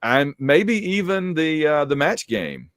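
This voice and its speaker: A man's voice: fairly high pitch, very animated, measured pace, a bit bright, no room sound, clean studio sound. A man co-hosting a casual podcast and reading supporter names, joking and teasing, his voice getting worn. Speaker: podcast co-host.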